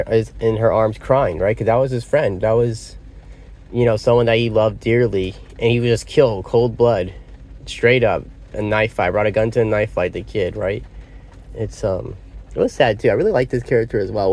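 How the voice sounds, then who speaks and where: A movie reviewer with a fairly low, slightly mellow voice gives a casual spoken film review, recorded on a phone or small device. He rambles and often loses his train of thought.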